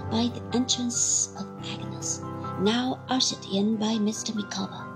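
A woman reading a classic novel aloud as an audiobook, with an expressive, varied delivery. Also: on the high side, unhurried. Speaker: audiobook reader. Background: soft background music.

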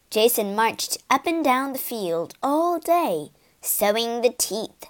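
A woman narrating a storybook for English learners, reading slowly, clearly and expressively. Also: a little high, lively intonation.

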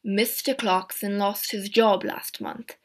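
A woman reading a measured, methodical inspector. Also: mid-range voice. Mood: accusing. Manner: measured, steady questioning. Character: calm, methodical male police inspector.

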